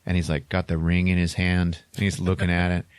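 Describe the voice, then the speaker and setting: A man's voice: deep voice, completely flat delivery, fairly quick, smooth, dry recording. A man co-hosting a podcast, casually retelling a film plot in a rambling way, chuckling between lines and saying "like" a lot. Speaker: podcast co-host.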